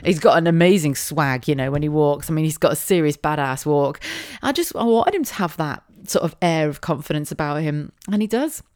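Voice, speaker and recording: Chatty, emotional British mum. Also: female voice, deep voice, lively intonation, brisk, darkish tone. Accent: British English. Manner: emotional, chatty, laughs often. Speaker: parent vlogger. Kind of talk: casual chat.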